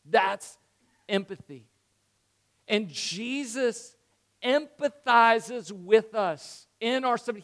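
Animated high-voiced male pastor preaching. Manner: animated, acts out Bible dialogue, drops to hushed tones for emphasis. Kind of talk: sermon.

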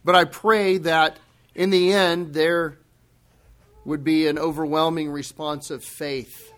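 Slow, high-voiced preaching man. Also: little pitch movement, fairly bright tone. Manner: preaching with dramatic exclamations; slow, deliberate emphasis. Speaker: pastor. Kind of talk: sermon.

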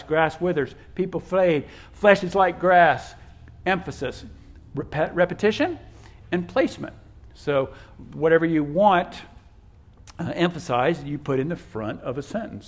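A man who is a pastor preaching a sermon, stressing key words by repeating them, swinging from loud to hushed, with folksy storytelling asides. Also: medium pitch.

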